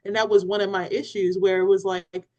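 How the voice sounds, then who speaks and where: With lo-fi sound, a brisk woman of mid-range pitch tells a story on the parenting podcast she co-hosts. In casual chat she's animated, reenacting people's words and laughing.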